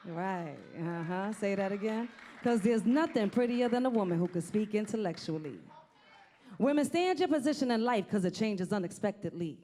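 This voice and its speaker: A woman's voice: medium pitch, lively intonation, normal speed, mellow, slight background noise. Woman performing rhythmic spoken word. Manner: rhythmic rhyming delivery.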